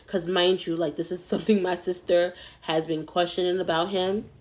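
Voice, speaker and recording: A woman's voice: on the low side, fairly even intonation, moderate pace, few pauses. A young adult woman telling a personal story in a casual, candid, chatty way, swearing freely.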